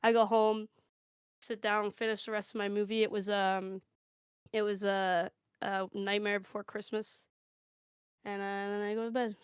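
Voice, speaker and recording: A woman improvising a comedic story in a rambling, deadpan, gleefully profane way. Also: mid-range voice, moderate pace, clear, resonant tone, no echo.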